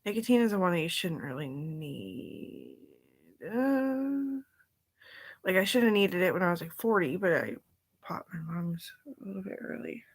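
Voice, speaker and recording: Husky, gravelly woman rambling to herself. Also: lowish voice, sing-song, measured pace. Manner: drifting, loose, often dropping to a whisper. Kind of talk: rambling casual monologue.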